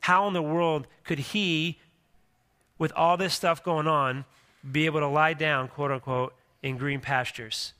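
A man's voice: on the high side, fairly even intonation, unhurried, sharp tone, clear, resonant tone. A middle-aged man preaching a sermon as pastor, in a conversational way with joking asides and frequent restarts.

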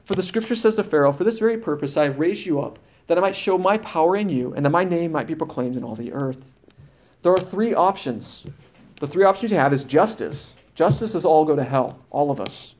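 A man's voice: fairly high pitch, expressive, fairly quick, darkish tone. A man teaching a sermon, reading scripture passages aloud and explaining them firmly, with fillers and restarts. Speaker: preacher.

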